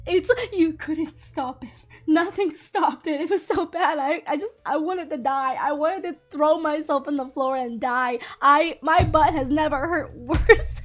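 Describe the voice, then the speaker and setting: A young woman with a high, bright-sounding voice chats straight to the camera in a lively, animated way. She talks close to the mic and laughs as she tells her story, and faint music plays underneath. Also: measured pace. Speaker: YouTuber. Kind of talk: casual storytime chat to camera.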